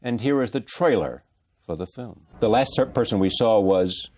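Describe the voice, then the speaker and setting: A man's voice: on the low side, expressive, normal speed, a little mellow. A man hosting a television interview, introducing his guest and teasing him along.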